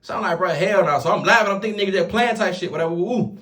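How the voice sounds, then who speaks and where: Fast-talking man with a drawl. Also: high-pitched. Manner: slangy, repeats oaths and fillers, animated retelling. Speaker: vlogger telling a prison story. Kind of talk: casual storytelling to camera.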